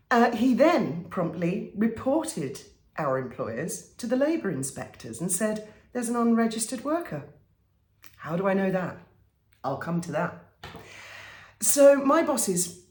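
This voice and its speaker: A woman vlogger telling stories to camera in a casual way, animated and wry, often exasperated. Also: lowish voice, reverberant. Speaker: vlogger and commentator.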